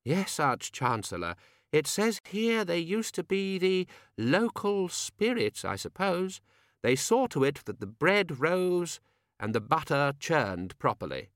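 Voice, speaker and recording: A man's voice: very animated, slow, a bit bright, dry recording, studio quality, exaggerated voice. A man voicing a fussy, pedantic older male wizard scholar who reads things out hesitantly. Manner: high, hesitant, bookish.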